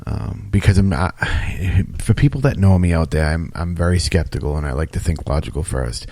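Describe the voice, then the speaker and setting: Deep, dark-voiced man. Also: lively intonation, normal speed, no room sound. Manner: joking, self-deprecating, blunt. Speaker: co-host of a paranormal radio show. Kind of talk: casual banter.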